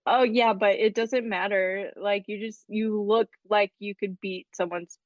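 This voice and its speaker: A woman with a Midwestern American accent, a podcast guest who chats quickly, laughs often, and drifts into asides. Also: mid-range voice, steady tone, no echo, muffled recording. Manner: chatty, giggly, quick asides. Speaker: guest scientist. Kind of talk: casual chat.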